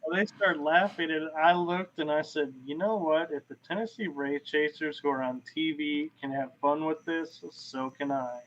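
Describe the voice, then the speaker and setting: A man guest on a podcast, telling paranormal investigation stories in casual chat over a video call, animated. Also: fairly high pitch, normal speed, hardly any pauses. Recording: dull lo-fi call audio.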